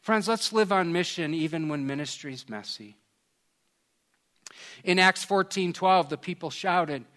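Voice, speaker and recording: A man preaching a sermon in an earnest tone, moving from hushed passages to loud, raised ones. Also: high voice, animated, unhurried. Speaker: pastor.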